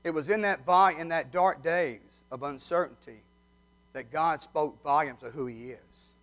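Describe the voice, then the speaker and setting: A man's voice: on the high side, moderate pace, fairly bright tone, dull audio. A man preaching a sermon, folksy and heartfelt as he tells stories. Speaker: pastor. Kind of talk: sermon with humorous story.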